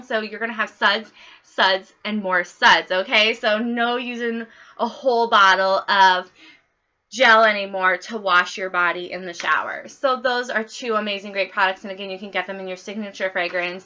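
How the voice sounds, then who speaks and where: A young woman giving a casual training demo for home parties, talking fast in a bubbly, bawdy way. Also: medium pitch, pushed and bright, dull audio. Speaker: party consultant training others.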